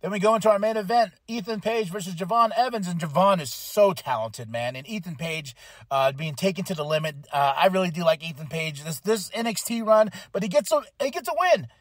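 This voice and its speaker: A man hosting a podcast, recapping a wrestling show in a casual, chatty way and acting out lines in quick voices. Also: high-pitched, no echo, clean studio sound. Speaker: podcast host.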